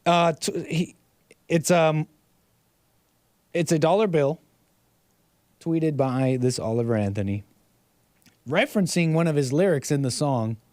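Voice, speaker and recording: A man's voice: fairly high pitch, a little slow, pauses often, a little mellow, dry recording. A man hosting a casual livestream, reading viewer messages and rambling sarcastically with frequent restarts. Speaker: livestream host.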